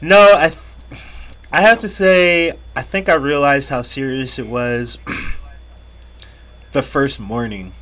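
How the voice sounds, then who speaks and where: A man's voice: medium pitch, slow, long pauses. Laid-back profane man telling stories. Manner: profane, laughing, acts out yelled quotes. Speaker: podcast co-host. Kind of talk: casual storytelling chat.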